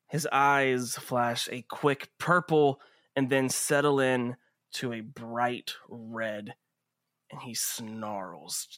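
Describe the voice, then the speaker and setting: A man narrating as game master of a tabletop role-playing game, in a slow, deliberate way. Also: mid-range voice, a bit bright, dry recording, studio quality.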